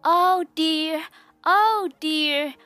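A woman voicing a gullible, silly female goose in a children's picture book, with high gasping exclamations. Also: sing-song, slow pace, fairly bright tone, no echo, faint music behind, exaggerated voice. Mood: fretful. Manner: high, breathy gasps and fretful exclamations.

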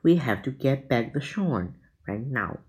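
A man's voice: medium pitch, animated, unhurried, a little mellow, natural voice. A man reading aloud and voicing a cautious, easily rattled young boy who grumbles and worries. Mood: worried.

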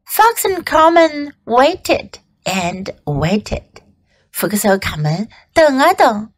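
A woman English teacher reading a storybook to children and slowly explaining phrases. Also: fairly high pitch, sing-song. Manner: slow, clear, explaining and repeating for children.

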